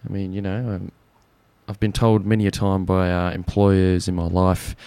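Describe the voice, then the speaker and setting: Young aussie bloke on community radio, lowish voice, loose jokey rambling chat. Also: male voice, level tone, moderate pace, gravelly, dark tone, clean tone, no echo. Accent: Australian. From Australia. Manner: chatty, jokey, rambling with fillers.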